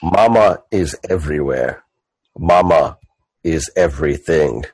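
A man voicing a tall, strange male half-orc who speaks slowly and refers to himself in the third person. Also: extremely low pitch, animated, darkish tone, breathy edge, dry recording, full character voice, rough recording. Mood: solemn.

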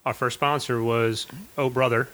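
Bright-voiced man with dry quips. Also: mid-range voice, steady tone, moderate pace, rough recording. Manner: dry, short teasing interjections. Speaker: podcast co-host. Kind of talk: casual chat.

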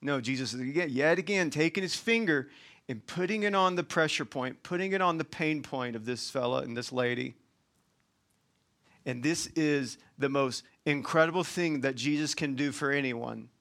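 A man preaching a sermon in a colloquial, folksy way, swinging from loud emphatic points to quiet asides. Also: medium pitch.

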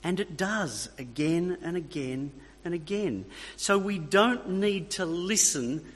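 A man's voice: high-pitched, lively intonation, slow. A man preaching a sermon, emphatic, repeating key phrases and checking in with his listeners. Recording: long reverb of a hall.

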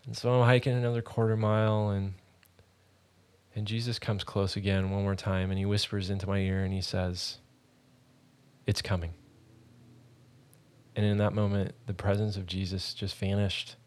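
A man hosting a ministry podcast, telling a personal faith testimony in an earnest, halting, conversational way. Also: on the low side, level tone, a little mellow, clean tone.

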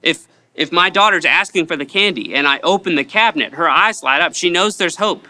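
A man's voice: on the high side, brisk, bright, forceful tone. A man preaching a midweek sermon as pastor, earnest and repeating phrases for emphasis.

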